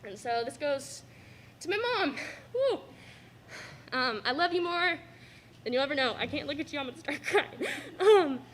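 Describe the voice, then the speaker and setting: A woman's voice: sits high, lively intonation, moderate pace, pauses often, a bit bright, a little hiss or hum. A young woman giving an emotional thank-you speech in a school cafeteria, fighting back tears and laughing nervously between sentences. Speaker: student athlete giving a farewell speech.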